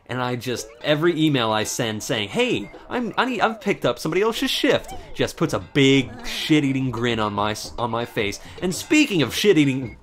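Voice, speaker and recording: In a casual let's play, a young gameplay commentator with a mid-range, slightly bright voice rambles on. He tells a sarcastic story about his job and swears without restraint.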